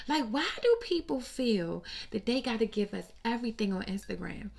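Sassy woman doing gossip talk, gravelly voice, blunt and cussing a lot. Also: fairly high pitch, normal speed, hardly any pauses. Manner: blunt, profane, animated and sassy. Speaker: host. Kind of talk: casual celebrity gossip commentary.

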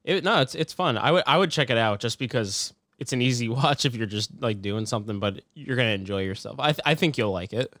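A man's voice: mid-range voice, expressive, fast, few pauses, a bit bright, dry recording. A man co-hosting a movie-review podcast in loose, rambling chat. He uses many fillers and chuckles between thoughts. His voice is recorded close and dry, with no room sound. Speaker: podcast co-host.

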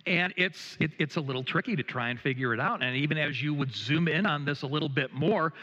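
Bright-voiced middle-aged pastor preaching. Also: male voice, on the high side, a little fast, long reverb tail, dull audio. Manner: hesitant, frequent filler sounds and restarts, gently humorous. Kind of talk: sermon with personal anecdote. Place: church sanctuary.

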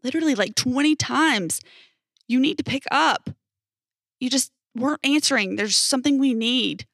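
Woman putting on a frantic young man, urgent, pleading, high and loud, dry close sound. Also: moderate pace, vocal fry, no echo, full character voice. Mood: insistent.

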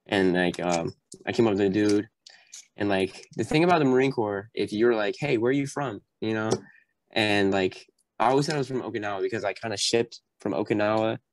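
Young man, low voice, chatty guest who acts out every quote. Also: a little fast, no room sound, poor audio. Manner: animated storyteller, acts out quoted voices with sudden high jumps, many fillers. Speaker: podcast guest, Marine recounting boot camp. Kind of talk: casual storytelling chat.

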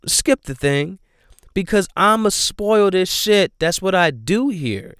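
Man, movie chat host, emphatic, swears a lot, smooth clear voice, dry close sound. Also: high voice, animated, slow pace, dry recording. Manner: emphatic and profane, bursts into loud outrage. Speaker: podcast host reviewing movies. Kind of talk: casual movie review chat.

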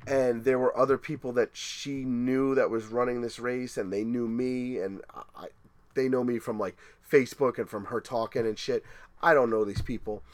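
Brief: middle-aged man, casual podcast storyteller, swears freely, middle-pitched, animated. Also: normal speed, dry recording. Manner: animated, profane storytelling with acted-out quotes.

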